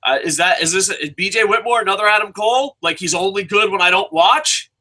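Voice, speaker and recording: A man with a bright, forceful, fairly high voice rants through a wrestling show review. He rambles, swears constantly and gets excitable as he jumps from point to point. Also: fairly quick, poor audio. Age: adult with a son. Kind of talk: casual profane rant.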